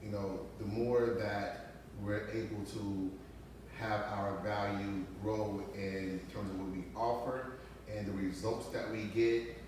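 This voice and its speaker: Man, low voice, guest, thoughtful, halting, lots of ums, echoey barbershop, background noise. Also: little pitch movement. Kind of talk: casual interview talk. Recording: echoey room, mic far off, some noise.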